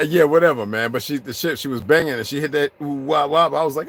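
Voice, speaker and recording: A man's voice: moderate pace, slight background noise. A man hosting a casual, joking chat with his viewers, laughing often. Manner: loose, joking, laughs often, slips into high excited voices. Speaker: channel host.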